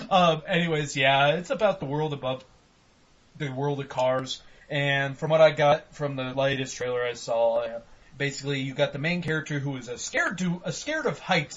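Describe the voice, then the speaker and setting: Male podcast co-host, a little high-pitched, swears and jokes freely, dull homemade audio. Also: fairly bright tone. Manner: profane, joking, acts out quotes in mock voices. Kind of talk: casual chat.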